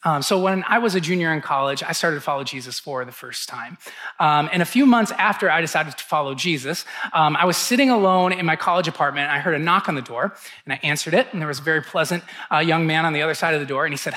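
Man, pastor, high bright voice, casual storytelling sermon. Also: fast talker. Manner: conversational storytelling, acts out quotes.

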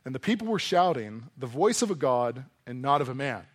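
A man preaching a sermon to a congregation in a conversational, animated way, often acting out voices as he reads and explains scripture. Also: mid-range voice, brisk. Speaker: pastor. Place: church hall before a congregation.

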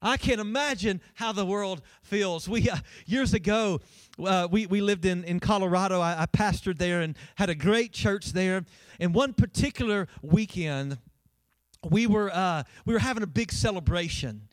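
Man, pastor, playful sermon storyteller, high voice, dry close sound. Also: moderate pace, no echo. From Kentucky. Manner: storytelling, playful, calls out to the congregation.

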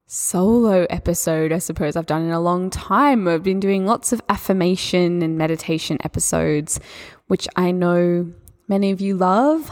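An Australian woman hosting a solo mindset podcast, talking in a gentle, encouraging, spiritual way. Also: fairly low pitch. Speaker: podcast host and mindset coach.

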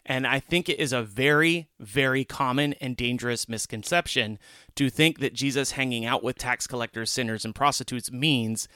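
A man co-hosting a casual Bible study podcast, earnest and lively when retelling scenes. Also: medium pitch, normal speed, smooth, dry recording, clean studio sound. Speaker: podcast co-host.

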